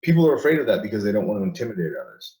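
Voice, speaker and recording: A man's voice: on the low side, big pitch swings, rapid-fire, mellow, rough recording. A man talking as a guest in a casual interview, emphatic, repeating and restarting his words, laughing between points.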